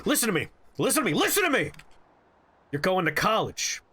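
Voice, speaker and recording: A man voicing an angry, wired male boss who shouts and repeats himself while lecturing a student. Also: high voice, huge pitch swings, brisk, breathy edge, pitched above the performer's own voice, full character voice. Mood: furious ranting.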